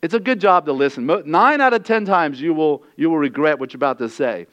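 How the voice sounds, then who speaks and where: A male pastor preaching a sermon in a conversational, animated way, acting out the quoted lines. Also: on the high side, fairly quick, dull audio.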